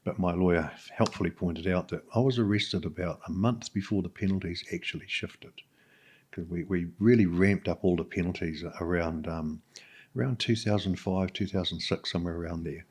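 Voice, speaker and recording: A middle-aged man with a New Zealand accent, a podcast guest telling his own story frankly, in halting speech full of fillers and restarts. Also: deep voice, darkish tone, slightly rough. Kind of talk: candid personal storytelling.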